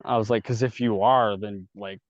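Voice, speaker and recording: A lowish male voice with a steady tone and normal speed tells candid stories on a podcast, where he's a guest. The dull, dry audio has no echo, and he keeps things casual and profane while voicing every side of the conversations.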